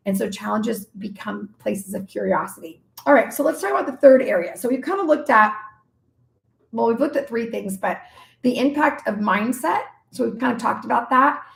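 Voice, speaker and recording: A woman in her forties hosting a live podcast talk, teaching in an animated way and acting out her own inner questions as quoted asides. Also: fairly high pitch, creaky. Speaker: podcast host and speaker. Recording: roomy echo.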